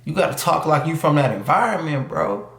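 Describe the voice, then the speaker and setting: A man's voice: on the high side, sing-song, a little fast, a bit bright, echoey room. A man giving a casual, emphatic opinion monologue, full of street slang and mocking asides. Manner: emphatic, slangy street talk with mock voices. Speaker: YouTube commentator.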